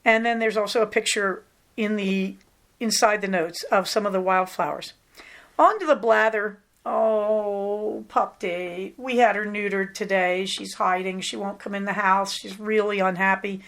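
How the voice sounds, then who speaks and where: A middle-aged woman hosts her podcast in a relaxed, rambling way, full of affection for what she talks about. Her voice sits at an ordinary pitch for a woman, neither high nor low. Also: a little slow. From Southern California. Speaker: podcast host. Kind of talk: casual chat.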